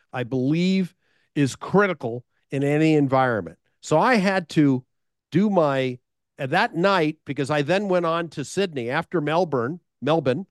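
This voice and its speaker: A man's voice: fairly high pitch, no echo, studio quality. A middle-aged American man, a sales speaker, telling stories in a conversation with repeated words and rhetorical questions. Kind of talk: storytelling in a conversation.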